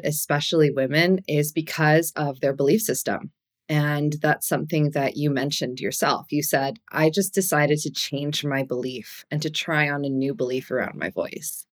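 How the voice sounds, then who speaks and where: A woman with a notably deep voice speaks as a voice coach on a podcast. Her tone is affirming and thoughtful. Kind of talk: casual podcast conversation.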